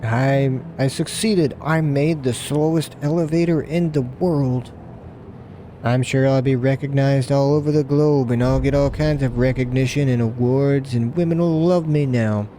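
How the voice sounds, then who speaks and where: A man's voice: mid-range voice, a little slow, mellow, a little hiss or hum. A man giving casual let's play commentary, rambling and joking at his own expense. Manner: joking, rambling, self-mocking.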